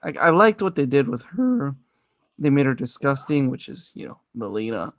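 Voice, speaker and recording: A man's voice: medium pitch, very animated, normal speed. A man chatting casually as a podcast co-host, enthusiastic and rambling, swearing often. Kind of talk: casual movie review chat.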